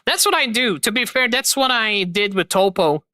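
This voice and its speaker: A man's voice: high-pitched, expressive, moderate pace, pushed and bright, no echo, studio quality. A man hosting a live stream, chatting casually and enthusiastically to his viewers and rambling about voice acting and games. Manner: rambling, enthusiastic, talks to chat. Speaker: streamer host.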